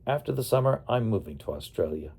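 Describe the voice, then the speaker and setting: A polite young Englishman speaks in a courteous, formal way, as a male narrator reads him. His voice is low and mellow. The tone is soft-edged throughout. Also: sing-song, quick pace, vocal fry, breathy edge, heavily acted.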